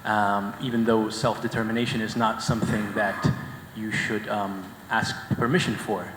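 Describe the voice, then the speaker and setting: Low-voiced man asking a hesitant question. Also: flat delivery, moderate pace. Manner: hesitant, many fillers, earnest. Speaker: audience member asking a question. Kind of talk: conference Q&A. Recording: echoey hall, faint background noise.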